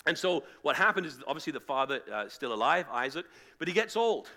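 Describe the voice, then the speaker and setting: Bright-voiced preacher telling a story. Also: male voice, a little high, brisk. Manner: animated, acts out voices of figures in the story. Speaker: pastor. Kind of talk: sermon storytelling. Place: church hall with live audience, also streamed online.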